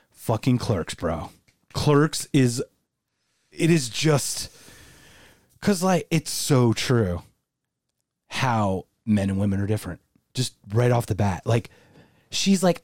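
A man's voice: fairly high pitch, expressive, a little slow, no echo, clean studio sound. A man co-hosting a casual podcast, talking crudely and acting out movie lines. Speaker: podcast co-host. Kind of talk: casual chat.

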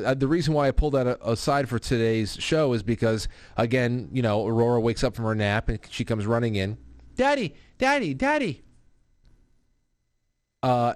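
A man in his thirties chats his way through viewer messages on a live show, animated and informal. His voice sits in an ordinary middle pitch. The close mic leaves it dry, with no room sound. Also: dry recording. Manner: animated, puts on a high child's voice when quoting his daughter. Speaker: podcast host reading viewer comments. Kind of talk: casual live-stream chat.

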